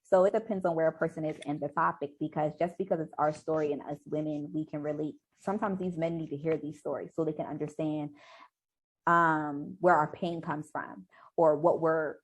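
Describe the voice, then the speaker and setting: A woman's voice: low-pitched, steady tone, a little fast, slightly rough. A woman author reading from her memoir and answering interview questions in an earnest storytelling way. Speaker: author and podcast owner.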